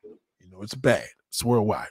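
A man hosting a live stream, reading viewer comments aloud and mocking them with loud, heavy-swearing swagger. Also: lowish voice, big pitch swings, measured pace, breathy edge, dry recording, clean studio sound. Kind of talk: profane live chat reading.

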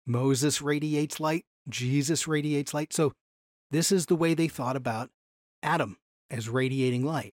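A man teaches a Bible class from his slides, speaking in a fairly high voice. He is animated and often slows down to lean on key phrases. The sound is dry and close, with little room around it. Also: no room sound.

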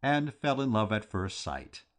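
Guy doing chatty posh young gent, bouncy, pitch going all over. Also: big pitch swings, a little slow. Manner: jaunty, bluff and talkative. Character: breezy young English gentleman, chatty and confident.

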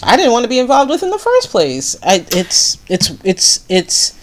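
A woman's voice: on the high side, huge pitch swings, normal speed, a little hiss or hum. A woman co-hosting a podcast, telling stories in casual chat with frequent restarts and asides. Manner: chatty, storytelling with many restarts. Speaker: podcast co-host.

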